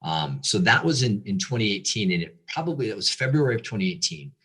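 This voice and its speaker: A man who is a pastor gives an earnest, confessional personal testimony as a guest, halting now and then with fillers. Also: fairly low pitch, very animated, a bit bright, breathy edge.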